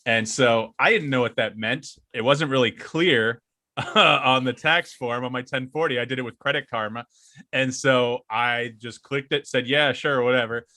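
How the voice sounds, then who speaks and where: Bright, laughing, profane podcast man. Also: mid-range voice, normal speed, dry recording, clean studio sound. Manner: ranting, profane, laughs often. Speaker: podcast co-host. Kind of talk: casual podcast chat.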